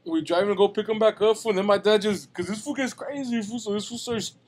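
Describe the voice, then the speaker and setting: A man's voice: high-pitched, fast talker, a little hiss or hum. A young man on a podcast telling a long, rambling story in casual slang, ending phrase after phrase with "fool.".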